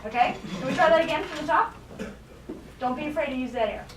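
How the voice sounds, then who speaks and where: High-voiced woman coaching a band, echoey room. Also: fast talker. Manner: encouraging, explains with everyday comparisons. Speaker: guest band conductor. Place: school band rehearsal room. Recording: echoey room, distant mic, noisy.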